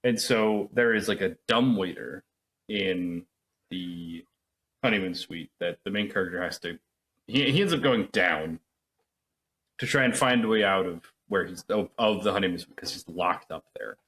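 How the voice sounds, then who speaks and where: Low-voiced man in casual podcast chat. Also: normal speed, a bit bright. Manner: rambling, profane, acts out reactions. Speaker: podcast co-host.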